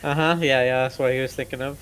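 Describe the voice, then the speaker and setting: A man's voice: mid-range voice, steady tone, fast, a bit bright, slight background noise. A man joking and trading trivia in a casual chat on a game stream.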